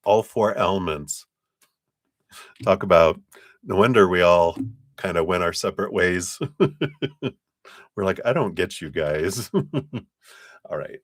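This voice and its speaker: A man's voice: low voice, takes it slowly, long pauses, dry recording, clean studio sound. A man doing a casual live tarot reading, chatty and loose in his phrasing, often breaking into laughter. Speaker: tarot reader on a live stream.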